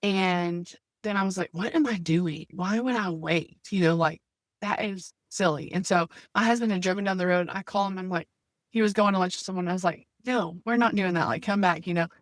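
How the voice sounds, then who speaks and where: A woman's voice: fairly low pitch, fairly quick, no echo, studio quality. A woman in her thirties telling her story as a podcast guest, talking earnestly and filling her speech with "like" and "you know.". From United States. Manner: faith-centered. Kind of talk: conversational storytelling.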